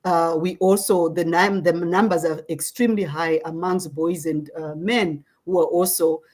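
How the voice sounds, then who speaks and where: A middle-aged woman from Zimbabwe, a social justice advocate, answering interview questions in an earnest, measured way and often checking in with "right?". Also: on the low side, steady tone, darkish tone.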